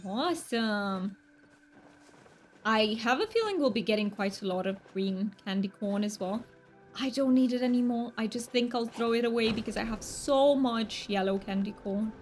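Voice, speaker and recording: Woman gaming streamer, bit high voice, rambly casual chat, quiet music under it. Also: normal speed. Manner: chatty, rambling with fillers and self-corrections.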